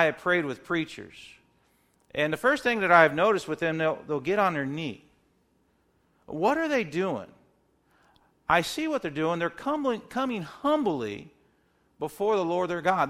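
Bright-voiced earnest male preacher. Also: sits high. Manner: earnest, repeats words when emphatic, acts out prayers. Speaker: pastor. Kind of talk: sermon.

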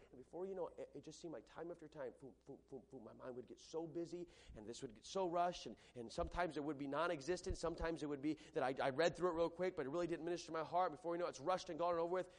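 A middle-aged man preaching a sermon as pastor, emphatic, swinging from loud repeated yeses to hushed warnings. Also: fairly high pitch, very fast, few pauses.

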